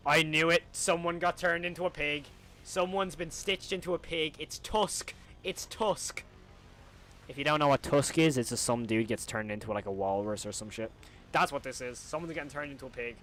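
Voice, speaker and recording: Young male horror reaction streamer, fairly high voice, excitable, talkative, reacts loudly. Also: moderate pace. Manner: excitable, reacts aloud with repeated exclamations; chatty, answers viewer questions. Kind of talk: live reaction commentary.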